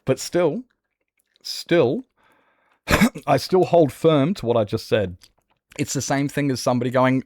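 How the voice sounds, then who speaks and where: Male game streamer, casual rambling chat, mid-pitched voice, dry close sound. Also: normal speed, pauses often, darkish tone, no room sound. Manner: rambling, answers chat, trailing restarts. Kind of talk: casual chat while gaming.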